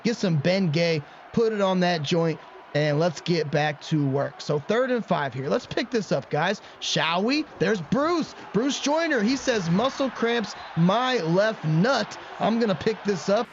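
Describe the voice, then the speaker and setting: A man hosting let's-play commentary of a video game, excitable and quick to rant at himself in frustration. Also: high voice. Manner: excitable, swings into frustrated self-mocking rants. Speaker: gaming channel host. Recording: muffled lo-fi audio with faint background noise.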